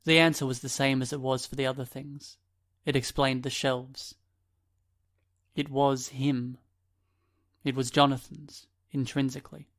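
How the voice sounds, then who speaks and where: A male audiobook narrator reading in a steady, measured way. His voice sits in a middling register and stays quite flat, with little rise and fall from line to line. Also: mid-range voice. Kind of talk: scripted narration.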